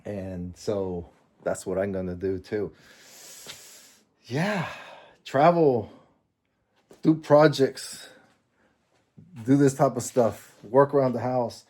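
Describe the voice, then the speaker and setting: A man's voice: mid-range voice, lively intonation, slow pace, long pauses, darkish tone. A man in his fifties from Mexico, chatting casually in a personal vlog, rambling and chuckling at himself. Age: 50s. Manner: rambling, chuckling, self-deprecating. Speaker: vlogger.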